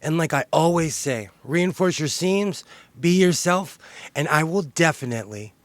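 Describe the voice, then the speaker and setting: A man's voice: on the high side, animated, normal speed, no room sound. A man vlogging casually from his home sewing room, showing off his makes and often breaking into laughter. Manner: giggly, keeps breaking into laughter. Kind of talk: casual show-and-tell vlog.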